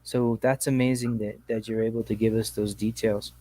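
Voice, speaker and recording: A man hosting a casual call-in chat show, talking in a relaxed, slangy, rambling way. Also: fairly low pitch, normal speed, no echo. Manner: laid-back, slangy, rambling. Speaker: podcast host.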